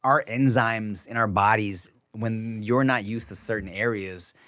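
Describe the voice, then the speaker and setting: A man hosting a casual podcast, trading loose, slangy banter with quick reactions. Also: lowish voice, a bit bright, dry recording, studio quality. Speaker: podcast host.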